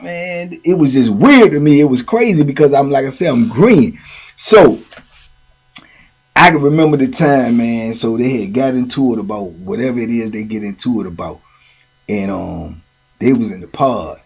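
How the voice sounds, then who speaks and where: Husky middle-aged man telling stories. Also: mid-range voice, moderate pace. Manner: slangy, animated, lots of "you know what I'm saying". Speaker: host telling prison stories. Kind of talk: casual storytelling.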